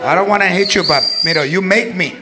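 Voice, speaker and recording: A man's voice: high voice, fast talker, heavy background noise, close to an everyday voice. A man impersonating a strict, threatening Mexican mother who scolds her son, mixing in Spanish words, in a stand-up set. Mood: angry threatening. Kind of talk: stand-up impression. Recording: live club with loud crowd. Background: loud audience laughter.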